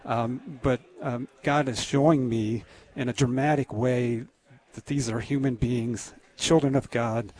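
A man talking as a guest on a radio show, halting and earnest, with many restarts and pauses. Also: mid-range voice, fairly even intonation, darkish tone. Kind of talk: casual testimony on a radio show.

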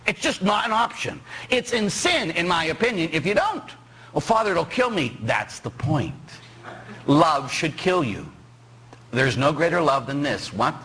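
A middle-aged man from Pittsburgh, a parish priest preaching a sermon, animated and joking as he quizzes his congregation. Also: on the high side, measured pace, breathy edge. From Pittsburgh, USA.

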